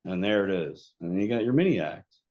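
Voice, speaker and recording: A man's voice: sits low, expressive, a little fast, muffled recording. A man co-hosting a wrestling podcast, talking casually and rambling with lots of "like" and swearing. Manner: rambling, profane, heavy filler "like". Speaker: podcast co-host. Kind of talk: casual chat.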